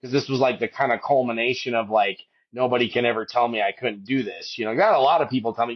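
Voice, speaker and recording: Earnest middle-aged man, lo-fi sound. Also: brisk. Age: 50s. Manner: rambling, with many restarts, and raises his voice high to quote his wife. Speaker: podcast guest, hiker. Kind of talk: emotional storytelling in a podcast interview.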